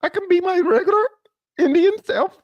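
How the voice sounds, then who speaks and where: A man voicing a gleeful, mocking impression of a woman politician in a high, sing-song voice. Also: normal speed, no echo, highs cut off. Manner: giddy, sing-song mockery.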